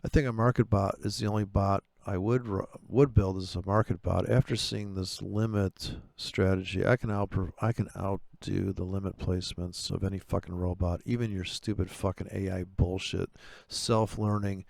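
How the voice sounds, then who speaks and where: A fairly low, gravelly male voice recorded close and dry. He rants about trading robots in a sarcastic, exasperated, foul-mouthed way, and his pitch jumps sharply upward when he gets fired up. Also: moderate pace, darkish tone, no echo. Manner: voice jumps far higher when he gets worked up. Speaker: forex trader testing trading robots. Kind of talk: profane ranting commentary over chart playback.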